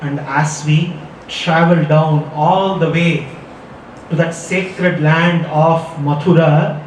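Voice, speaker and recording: A man's voice: a little high, fairly even intonation, slow, slight background noise. A man giving a devotional scripture discourse, telling stories and chanting verses. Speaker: spiritual teacher. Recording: echoey room, mic far off.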